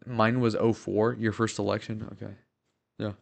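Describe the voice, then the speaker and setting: A man's voice: lowish voice, level tone, normal speed, gravelly. A young man in his twenties chatting casually on a livestream, rambling with lots of fillers and swearing. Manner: rambling, filler-heavy, profane.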